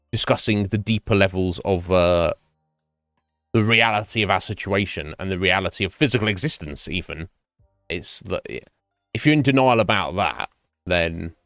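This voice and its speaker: A man's voice: low voice, creaky, a bit bright, no room sound. Rambling man streaming, faint music behind. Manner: rambling, musing, lots of fillers and restarts. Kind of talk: casual chat with stream viewers. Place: home streaming setup. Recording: dry close mic, faint game music behind.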